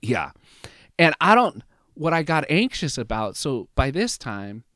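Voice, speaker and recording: A man in his fifties, a podcast guest, telling a personal story in conversation, animated, often adding "like" and "right?". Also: fairly high pitch, a little slow, no room sound, clean studio sound. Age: 50s. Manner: animated, acts out other people's lines in raised voices; peppers his talk with "like" and "right?".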